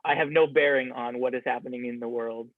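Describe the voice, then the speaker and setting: A man's voice: mid-range voice, steady tone, brisk. A man in a casual podcast conversation, talking in a reflective, rambling way with many restarts. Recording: dry, phone-like narrow sound.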